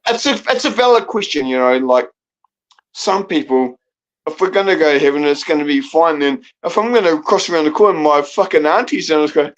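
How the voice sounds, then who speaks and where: A man's voice: on the high side, big pitch swings, a little fast. A man with a New Zealand accent, a guest caller on a live panel, chatting casually in a rambling way with lots of swearing and laughter. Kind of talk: casual chat. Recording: dull lo-fi sound.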